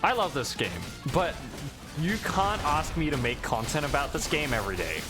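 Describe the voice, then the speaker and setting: A male streamer talking casually over a game, his pitch rising and falling a lot as he wanders from thought to thought. He cuts himself off and restarts, and game music plays clearly underneath. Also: very animated, moderate pace. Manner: rambling, self-interrupting, yawning. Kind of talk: casual gaming livestream chat.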